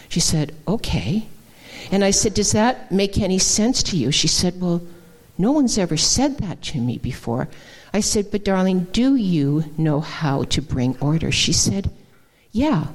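Woman preaching in a storytelling sermon. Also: lowish voice. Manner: warm storytelling, addresses people as darling and honey. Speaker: guest speaker. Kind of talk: sermon with personal stories.

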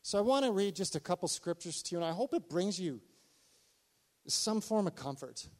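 A middle-aged male pastor preaching a sermon, telling a personal story with animated delivery and acted-out dialogue. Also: high voice, normal speed.

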